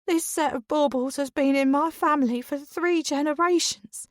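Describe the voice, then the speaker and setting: A woman voicing a shrill, sobbing matriarch. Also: big pitch swings, unhurried, a little mellow, no room sound, studio quality. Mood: tearful, outraged. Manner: shrill, wailing, theatrical. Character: distraught middle-aged woman, melodramatic and tearful. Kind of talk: audiobook character voice.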